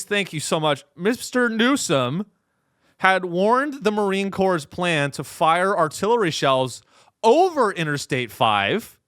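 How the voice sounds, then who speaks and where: Man on a comedy show, profane rambling rant, lively swooping voice, dry close sound. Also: high-pitched, no echo. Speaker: comedy podcast host.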